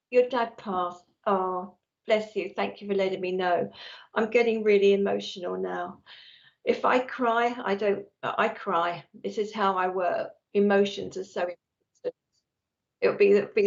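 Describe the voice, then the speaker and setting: A woman's voice: mid-range voice, gravelly. A woman working as a psychic medium on a live stream, chatty and affectionate, reading messages from viewers. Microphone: earphones with mic. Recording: slightly dull lo-fi stream audio.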